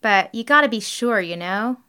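A woman's voice: medium pitch, animated, normal speed, pushed and bright, clean tone. Woman voicing a breezy young motel manager. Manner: breezy, casual, unbothered.

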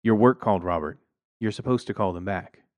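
A man's voice: on the low side, brisk, no room sound, close to an everyday voice. A man voicing a stern wife and mother who scolds sharply. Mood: cold.

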